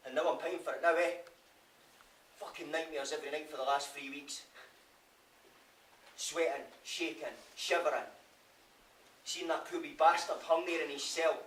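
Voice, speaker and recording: Sweary scottish prisoner eaten up by guilt played by a man, bright high voice, echoey stage heard from far. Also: steady tone, moderate pace, pauses often, slight background noise, lightly acted. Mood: guilt-ridden. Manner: raw, swearing constantly, brooding. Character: remorseful male prisoner haunted by guilt. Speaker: stage actor. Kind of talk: theatre monologue. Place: theatre stage. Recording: live stage, roomy, from far off.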